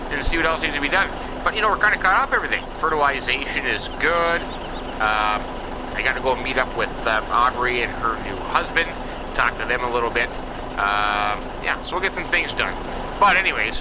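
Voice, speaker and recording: Against a noisy background, a medium-pitched man narrates his farming gameplay as a folksy farmer character. He rambles on, leaning heavily on phrases like "I tell ya" and "you know."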